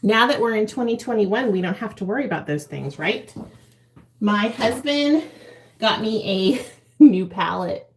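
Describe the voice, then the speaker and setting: A woman's voice: mid-range voice, animated, unhurried, echoey room, slight background noise. A woman in her forties chatting casually to a live chat while doing her makeup at home, laughing often. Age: 40s. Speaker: vlogger.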